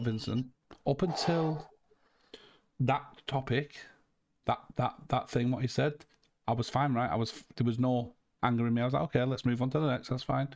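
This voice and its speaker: A man's voice: mid-range voice, creaky, a little mellow. A man hosting a call, talking in a heated, emphatic way, swearing and repeating himself. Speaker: host. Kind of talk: heated casual call chat.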